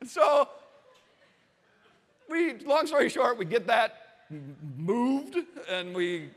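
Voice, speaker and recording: Animated high-voiced man with hall reverb. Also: takes it slowly. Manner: animated, swearing, acting out voices and laughing. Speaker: storyteller on stage. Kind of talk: comic personal anecdote to a live audience.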